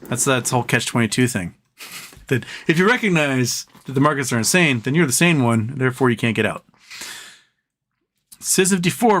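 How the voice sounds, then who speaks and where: A man's voice: mid-range voice, very animated, normal speed, a bit bright. A man hosting a late-night livestream, chatting casually in a rambling, profane way and chuckling at his own jokes. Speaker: livestream host.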